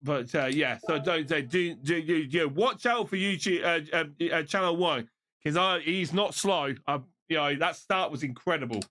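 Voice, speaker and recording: A man commentating online races on his live stream, shouting during close finishes and then chatting loosely to his viewers while out of breath. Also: on the high side, normal speed. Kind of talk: live race commentary and casual chat.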